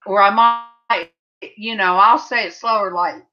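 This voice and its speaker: A woman's voice: mid-range voice, steady tone, a little slow, bright, forceful tone. A middle-aged woman from California hosting a livestream from her home craft room, chatting and rambling as she answers viewers' comments. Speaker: livestream host. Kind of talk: casual chat with viewers. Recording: slightly dull lo-fi sound.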